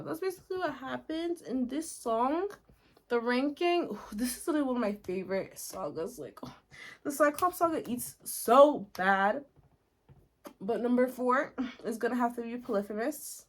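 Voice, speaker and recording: A woman recapping a story in a casual, chatty way, full of "like" and little giggles, with quick asides. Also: on the high side. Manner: chatty and giggly, heavy use of "like". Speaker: video host recapping a musical. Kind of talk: casual chat.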